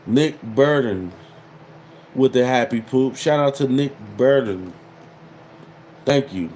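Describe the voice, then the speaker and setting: A man's voice: medium pitch, takes it slowly, a little mellow, a little hiss or hum, poor audio. A man in his thirties hosting a casual livestream, reading viewer comments and mocking them with repeated catchphrases. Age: 30s. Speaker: livestream host.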